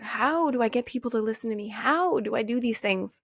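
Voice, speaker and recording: A young woman talks straight into a dry, close mic, her mid-pitched voice carrying a gravelly fry. She hosts a podcast in a casual, animated way, swearing freely and jumping up in pitch to act out questions she used to ask. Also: brisk, few pauses, no room sound. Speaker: podcast host. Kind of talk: casual motivational monologue.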